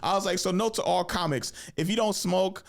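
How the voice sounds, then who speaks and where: A young man hosting a podcast, telling a casual comedy story, swearing freely and jumping into high voices when he acts out what people said. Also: a little fast, gravelly. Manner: animated, swears often, acts out quotes with big pitch jumps. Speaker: podcast host and stand-up comedian.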